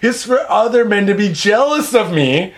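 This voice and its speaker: High-voiced man reading news, joking. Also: very animated, normal speed. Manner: chatty, joking, mixes news reading with crude tangents. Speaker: podcast host. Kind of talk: casual chat, reading news stories.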